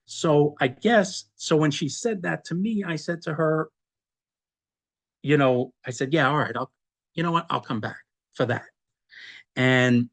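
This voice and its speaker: A middle-aged man, an interview guest, telling a personal story in casual conversation, animated and quick to laugh, often restarting and repeating words. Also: a little high.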